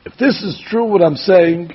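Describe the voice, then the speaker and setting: A man giving an animated sermon as a rabbi, telling stories and acting out the quotes. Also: high-pitched, moderate pace, slightly rough, lo-fi sound. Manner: animated storytelling, acts out quotes.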